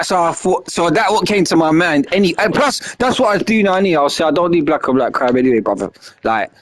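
A young man telling a story casually, animated and slangy, acting out what was said. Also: a little high. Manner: animated, slangy, acts out his own lines loudly.

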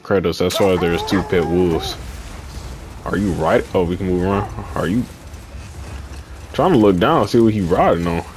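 A man's voice: low-pitched, normal speed, long pauses, a little mellow, a little hiss or hum. A young man giving casual, slangy commentary while playing a video game, talking back to the characters on screen. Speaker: gaming YouTuber.

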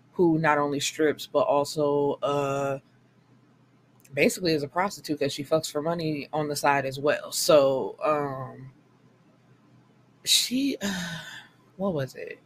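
A woman's voice: low voice, a little hiss or hum. Blunt, chatty woman reviewing a book. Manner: candid, blunt, swears freely; animated retelling with quick acted quotes. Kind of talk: casual book review chat.

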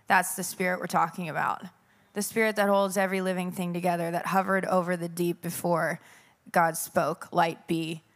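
A woman worship leader speaking earnestly about the Holy Spirit, reflective and searching for words. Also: fairly low pitch.

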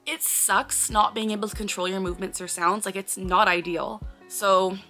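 Bright-voiced woman vlogging earnestly. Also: medium pitch, fairly even intonation, normal speed, soft background music. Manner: earnest and explanatory, often breaking off with sudden blurted words and sighs. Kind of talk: casual talk to camera.

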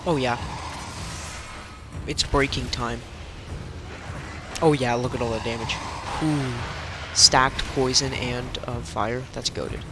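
A man commentating his own gameplay, swinging between muttered complaints and panicked, swearing yells. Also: medium pitch, steady tone, slow pace, long pauses, noisy background. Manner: panicky, yelling, swearing outbursts. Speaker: let's play gamer. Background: game music.

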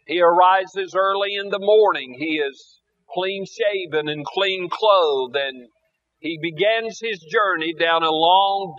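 Male preacher, storytelling sermon, slow deliberate pauses, bright high voice, dull lo-fi church recording.

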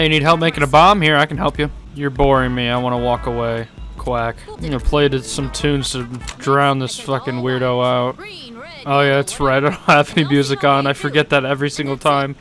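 A man's voice: medium pitch, bright, forceful tone. A young man giving casual, sarcastic let's-play commentary, joking and swearing freely as he plays. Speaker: gaming YouTuber.

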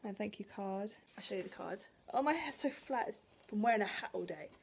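A woman's voice: medium pitch, animated, brisk, creaky, a little hiss or hum. A woman in her twenties vlogging at home in a chatty, emotional way, laughing and sighing between thoughts. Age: 20s. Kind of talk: casual vlog to camera. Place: at home indoors.

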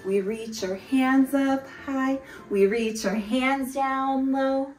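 Slow and a little mellow, a high-pitched woman keeps her intonation fairly even as she guides families through kids' yoga. She's upbeat and encouraging, singing certain cues over background music, and the distant mic gives the audio a roomy feel.

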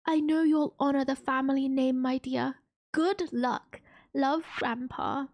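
A loving elderly grandfather passes on his farm in a heartfelt letter, as a woman reads his part aloud. The pace is unhurried, and the voice sits high with plenty of lift and fall. It is recorded dry and close. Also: fairly even intonation, no echo. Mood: tender. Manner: gentle, heartfelt letter reading. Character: warm elderly grandfather writing a farewell letter.

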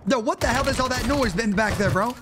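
A young man streaming a shooter game live, excitable and trash-talking in slangy chatter. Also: very high voice, fast, noisy background. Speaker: gaming streamer.

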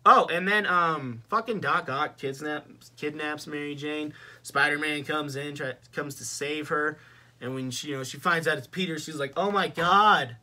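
A man's voice: a little high, fairly even intonation, moderate pace, sharp tone. A young man ranting casually and profanely in a movie review vlog, exasperated. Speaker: vlogger.

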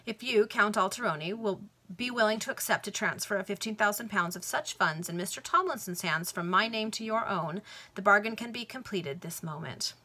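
A woman voicing a cool, scheming male Victorian financier in a read-aloud novel, speaking with calm irony. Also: medium pitch, brisk. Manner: cool, ironic.

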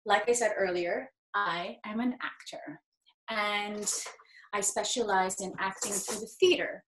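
A woman's voice: medium pitch, fairly even intonation, measured pace, a bit bright, a little hiss or hum. A young woman leading a drama workshop for kids from home, upbeat and encouraging. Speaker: acting teacher. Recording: echoey home room.

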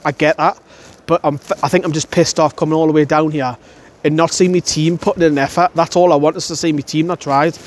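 Young man, furious fan reaction outdoors, blunt and sweary, voice sits a touch high. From North East England. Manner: angry, blunt, swearing, repeats himself. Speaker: fan channel presenter. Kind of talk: post-match fan reaction. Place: outdoors outside a stadium, wet weather.

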